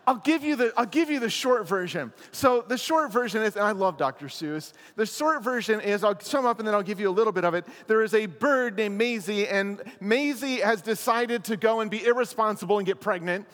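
High-voiced animated man preaching. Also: fairly quick, hardly any pauses. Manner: animated, playful storytelling with asides. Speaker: pastor. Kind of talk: sermon at a leadership chapel. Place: chapel. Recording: long chapel reverb.

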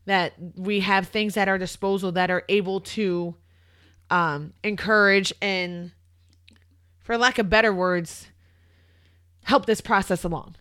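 A woman's voice: lowish voice, fairly bright tone, no echo, studio quality. A woman co-hosting a casual podcast, blunt and slangy, swearing freely and explaining things like a trainer. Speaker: podcast co-host.

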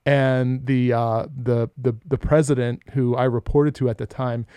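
This middle-aged podcast co-host spins casual stories full of profanity, voicing the quotes with lively flair. His voice is medium-pitched and smooth, at a measured pace, recorded dry.

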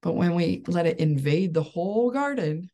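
A woman's voice: fairly low pitch, expressive, normal speed, mellow. A woman in her thirties, a coach and support group host, talking casually and upbeat, laughing often as she explains. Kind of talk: casual solo coaching talk.

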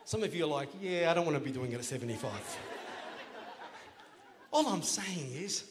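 A man preaching a sermon as pastor, playful and joking, then rising to loud, emphatic calls to the congregation. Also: a little high, lively intonation, moderate pace, crowd noise, background noise. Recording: long church hall reverb.

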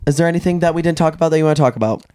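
A man hosting a casual podcast chat, telling stories with animated delivery and frequent laughter. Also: a little high, racing, smooth, no echo, studio quality. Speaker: podcast host.

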